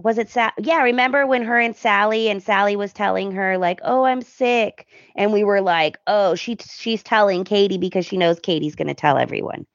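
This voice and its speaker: A woman's voice: medium pitch, a little fast, hardly any pauses, no room sound, highs cut off. A woman co-hosting a podcast, chatting casually and acting out characters' lines as she recaps. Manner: animated retelling, acts out characters' lines. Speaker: podcast co-host.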